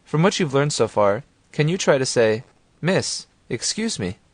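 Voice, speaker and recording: A man reads a language lesson in a calm, clear voice, guiding the listener step by step. His pitch sits in the middle range, and the recording is dry and close, with no room sound. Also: measured pace, no echo. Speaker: language course narrator. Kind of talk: scripted instructional narration.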